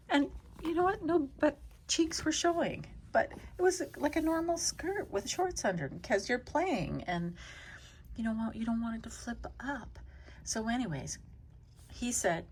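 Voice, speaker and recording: A woman's voice: mid-range voice, slight background noise. Older woman murmuring stories to her cat. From Canada. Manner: rambling, often drops to a soft whisper. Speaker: vlogger talking to her cat. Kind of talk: casual storytelling to a pet.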